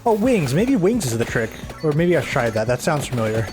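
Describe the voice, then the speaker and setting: A man giving casual, rambling gameplay commentary, sounding tired, a little raspy and short of breath, with a soft, somber tone. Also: a little high, sing-song, brisk. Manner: rambling, chatty, self-deprecating. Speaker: gaming video host. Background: game music.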